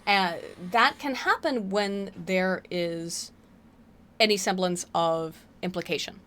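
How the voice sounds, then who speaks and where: A woman's voice: mid-range voice, takes it slowly, fairly bright tone. Woman streamer, casual Q&A chat, rambling, laughing asides, mid-range voice, faint background noise. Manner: rambling, frequent fillers and restarts, laughing asides. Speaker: streamer hosting a Q&A.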